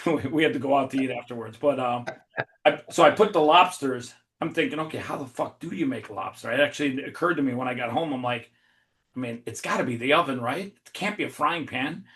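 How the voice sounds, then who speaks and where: On a casual podcast, a male guest with a medium-pitched voice spins a long, funny story. He's animated, swears freely, and laughs as he goes.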